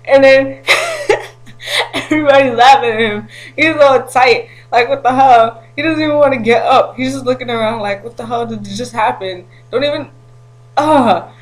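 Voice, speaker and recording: A woman vlogging to camera, telling a story in an animated, slangy way with frequent laughter. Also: on the high side, normal speed, low-quality recording.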